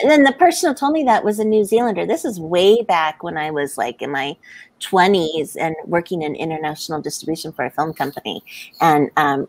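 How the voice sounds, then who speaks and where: A woman from the United States with a deep voice hosts a live writing stream, where she chats casually, laughs a lot, and reads viewer comments aloud. The recording sounds dry and rough.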